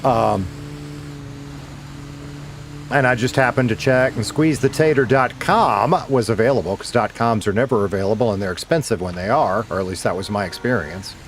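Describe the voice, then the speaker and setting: Man, low-ish voice, casual livestream chatter, rambling, talks to chat, faint background noise. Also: moderate pace. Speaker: streamer.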